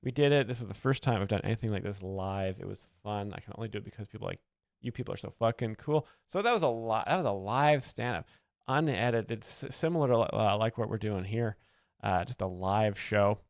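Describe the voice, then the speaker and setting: A man giving earnest, rambling, deadpan mock-expert commentary as a comedy show host, close to the mic. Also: on the low side, brisk, gravelly, dry recording.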